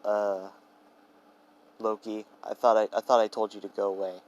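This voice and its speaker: A man voicing an exasperated grown male hero and mentor, with a low voice. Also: flat delivery, normal speed, a little mellow, natural voice.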